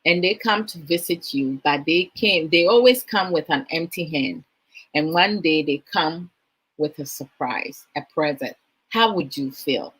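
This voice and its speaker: A woman with a Ghanaian accent, probably in her thirties, hosts a motivational talk, asking her listeners questions and mixing in Twi phrases. Her low-pitched voice is expressive, unhurried and a bit bright with a breathy edge, and the audio is poor.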